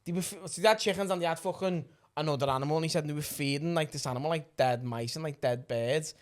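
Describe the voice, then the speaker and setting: A man's voice: on the high side, quick pace. A man chats casually as a podcast co-host. He retells stories in a rambling, loose way and swears casually as he goes.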